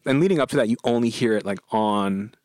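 A man's voice: lowish voice, fast talker, darkish tone, no echo, studio quality. A man from New Jersey, a musician, chatting casually in a rambling way and laughing often. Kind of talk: casual chat.

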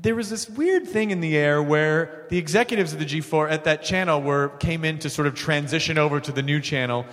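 A man hosting a live podcast on a theater stage, telling stories in a loose, profane, animated way. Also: fairly high pitch, brisk, hardly any pauses. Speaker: podcast host. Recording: theater reverb.

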